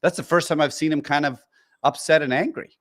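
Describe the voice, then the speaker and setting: A man's voice: on the high side, fairly even intonation, a little fast, a bit bright. A man co-hosting a podcast, explaining things in a rambling way with lots of fillers and restarts. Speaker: podcast co-host. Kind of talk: casual chat.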